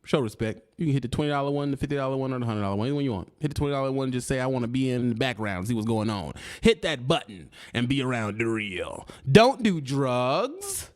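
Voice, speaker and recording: A man's voice: medium pitch, fast, few pauses. A man hosting a trucking channel, giving casual straight-talk advice full of slang. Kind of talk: casual podcast chat.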